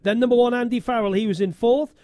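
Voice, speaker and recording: A man commentating on a motorbike road race for radio, briskly reading out results and finishing positions. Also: very high voice, fairly even intonation, darkish tone, clear, resonant tone, no room sound. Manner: brisk, reads results in quick lists. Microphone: studio commentary box mic.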